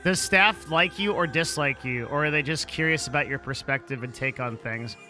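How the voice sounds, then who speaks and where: A man with a very bright, sharp-edged voice sitting a little high in pitch. He rambles bluntly through chat questions on a live stream, swearing freely and stumbling over restarts, with faint music behind him. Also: moderate pace. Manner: blunt, profane, rambling with many fillers. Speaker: livestreamer answering chat.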